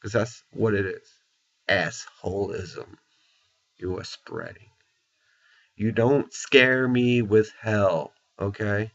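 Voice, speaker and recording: A man in an angry, profane rant, blunt and repetitive, tagging his points with "okay?" and "you know". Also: on the low side. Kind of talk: angry opinion rant to camera. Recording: dull lo-fi recording.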